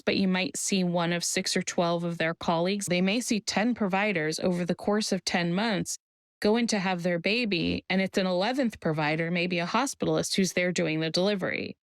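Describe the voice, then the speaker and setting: A woman who works in maternity care, talking in a podcast interview and telling stories in a measured, deliberate way. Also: on the low side, no room sound. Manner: measured storyteller, slow deliberate phrasing. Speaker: guest, maternity care provider.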